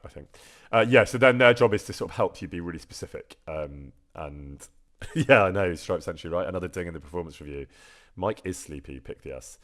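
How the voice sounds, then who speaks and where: A man, chatting casually on a live stream and answering viewer questions, self-deprecating and laughing often. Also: sits low. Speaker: streamer and actor.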